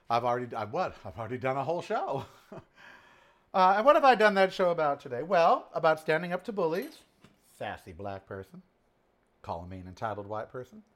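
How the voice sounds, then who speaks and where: Chatty sixty-year-old man with a lively voice. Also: mid-range voice. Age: 60s. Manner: chatty and opinionated, sassy asides. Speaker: cooking show host. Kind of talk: casual kitchen chat while cooking. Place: home kitchen.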